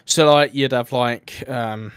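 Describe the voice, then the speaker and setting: A man's voice: medium pitch, fairly even intonation, slow pace, smooth, no echo, clean studio sound. A man co-hosting a casual podcast, playfully quizzing his friends and laughing often. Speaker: podcast co-host.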